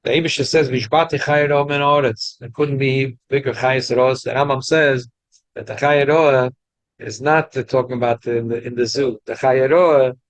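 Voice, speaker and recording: A man's voice: medium pitch, steady tone, moderate pace, dry recording. A man giving a Torah class to a study group, explaining with frequent restarts and Hebrew and Yiddish terms. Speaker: rabbi teaching a study group.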